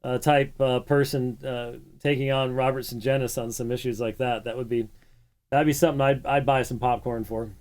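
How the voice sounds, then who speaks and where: Male call-in host, mid pitch, lecturing, lots of "uh" fillers. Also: fairly even intonation, moderate pace, darkish tone. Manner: explains at length with many "uh" fillers, lecturing. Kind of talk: call-in radio talk and teaching.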